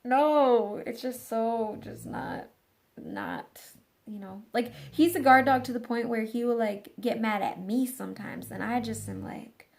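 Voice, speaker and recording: Gravelly-voiced woman telling a dog story. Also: on the high side, measured pace. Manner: rambling, animated, full of fillers and restarts. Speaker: dog trainer. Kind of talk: casual storytelling vlog.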